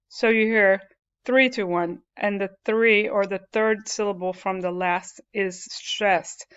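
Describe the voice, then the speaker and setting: A woman's voice: mid-range voice, fairly bright tone, clear, resonant tone, lo-fi sound. A woman teaching a grammar lesson, explaining patiently step by step with frequent fillers. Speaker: Spanish teacher.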